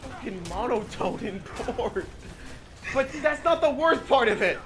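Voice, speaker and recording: A young man in casual voice chat while gaming, animatedly mocking a movie with swearing and quick retellings. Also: very high voice, lively intonation, noisy background. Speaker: channel host.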